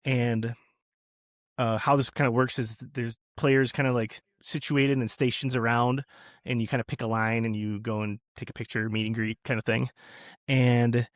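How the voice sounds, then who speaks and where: A man with a mid-range voice and level tone, a new father, tells a long personal story as a podcast guest at a moderate pace. He rambles, restarts often, uses many fillers and laughs a lot, captured in a dry, studio-quality recording.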